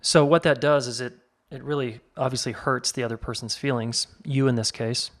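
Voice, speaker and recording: Male podcast host, mid-pitched, easygoing advice talk. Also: steady tone, normal speed. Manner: conversational, reads listener question and comments. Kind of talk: casual solo podcast advice.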